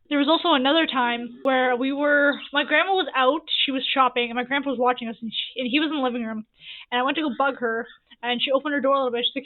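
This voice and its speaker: High-voiced woman, tinny audio. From Canada. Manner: rambling, repeats herself, quick asides. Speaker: gaming YouTuber. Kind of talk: casual storytime over gameplay.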